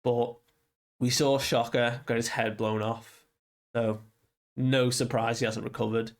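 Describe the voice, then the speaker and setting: A man's voice: medium pitch, level tone, a little slow. A young man casually recapping a comic chapter, rambling and loosely quoting characters with lots of fillers. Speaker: manga reviewer.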